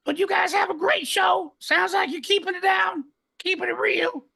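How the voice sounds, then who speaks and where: A man voicing a rowdy male party guy who phones in, hoarse from screaming and shouting every line. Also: very high-pitched, moderate pace, full character voice. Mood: hyped. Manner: shouting, hyped, raspy.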